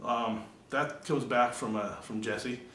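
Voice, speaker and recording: A man's voice: mid-range voice, fairly even intonation, slow, a bit bright, reverberant. A man vlogging a casual monologue, asking dry rhetorical questions.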